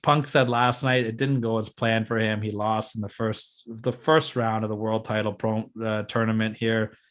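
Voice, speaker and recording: A man's voice: lowish voice, moderate pace. Podcast co-host, male, chatty and teasing, explains his booking plans with energy. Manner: excited, teasing, lays out plans step by step. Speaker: podcast co-host booking a fantasy wrestling show. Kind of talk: casual chat.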